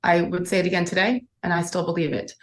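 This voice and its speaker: A woman's voice: lowish voice, level tone, quick pace, reverberant. A woman, a former sportscaster, speaking as a guest in a candid interview and telling her story with emotion and earnestness.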